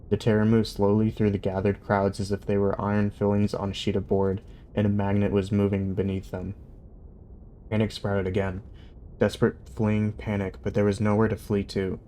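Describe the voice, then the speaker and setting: A young man reads a novel aloud on his livestream, then drifts into easygoing chatter with his viewers. His voice sits fairly low and relaxed, and he laughs easily. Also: moderate pace, a little hiss or hum. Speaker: streamer reading a book aloud. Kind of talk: casual reading aloud on a livestream.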